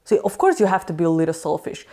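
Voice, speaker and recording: Blunt animated woman giving advice. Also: fairly low pitch, fast. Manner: blunt, animated, acts out quoted friends. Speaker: video creator. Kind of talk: casual advice talk to camera.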